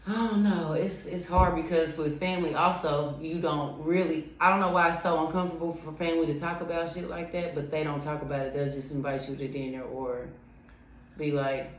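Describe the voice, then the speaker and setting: Candid, low-pitched woman co-host. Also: fairly even intonation, fairly quick. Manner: candid, profane, plainspoken. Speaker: podcast co-host. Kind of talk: casual chat. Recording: echoey room.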